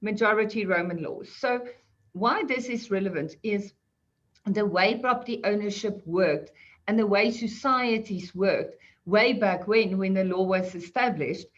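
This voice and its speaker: A woman's voice: mid-range voice, unhurried. A woman explaining property law on an online panel, chatty and self-deprecating, laughing often. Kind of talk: conversational explanation. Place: online video call. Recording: muffled video call audio.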